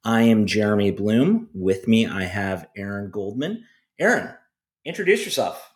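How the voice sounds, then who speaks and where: A man's voice: on the low side, very animated, a little slow. A man hosting a podcast, asking questions in a playful, joking way. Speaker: podcast host. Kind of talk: casual podcast interview.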